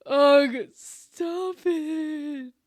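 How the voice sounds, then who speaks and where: A woman hosting a live stream, talking casually to her chat in a fairly high voice. She giggles often and her talk is effusive and emotional, at an unhurried pace. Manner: giggly, often laughing, calls viewers "bro".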